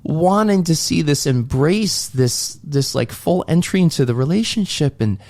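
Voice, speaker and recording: A man's voice: a little high, animated, unhurried, a little mellow. A man co-hosting a podcast, earnestly and reflectively retelling a movie scene in casual talk. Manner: earnest, reflective storyteller acting out quoted lines. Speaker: podcast co-host.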